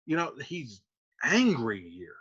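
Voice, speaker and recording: Relaxed male teacher, lively pitch, casual explanations. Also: slow pace, husky. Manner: plain-spoken, uses "like" a lot. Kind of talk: casual literature lesson. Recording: dull lo-fi recording.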